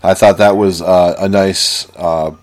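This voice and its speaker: Very deep voiced dude, kinda halting, loose podcast chat. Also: male voice, little pitch movement. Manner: hesitant, halting, trails off. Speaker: podcast co-host. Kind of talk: casual wrestling podcast chat.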